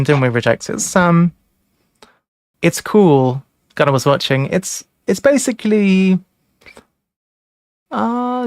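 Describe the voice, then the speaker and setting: A man's voice: on the high side, dry recording, studio quality. A man hosting a live board game stream, chatting casually and thinking aloud over his moves. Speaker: streamer host. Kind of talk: casual chat during an online board game.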